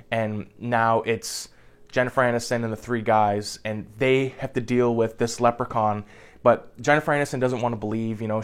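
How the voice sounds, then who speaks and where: Rambling, foul-mouthed young man. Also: mid-range voice. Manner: rambling, profane, heavy on "like" fillers. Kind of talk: casual movie recap.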